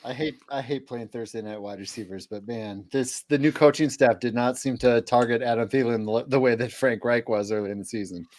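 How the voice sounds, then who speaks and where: A man's voice: mid-range voice, steady tone, brisk, few pauses, darkish tone, no room sound. A man appearing as a guest on a live sports Q&A, laughing easily and rambling with fillers. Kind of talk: casual live Q&A chat.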